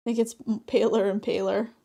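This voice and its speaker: A young adult woman talks casually through a streamed crafting session, laughing often and acting out dialogue in her stories. Her voice is mellow and medium in pitch, with little variation and a moderate pace.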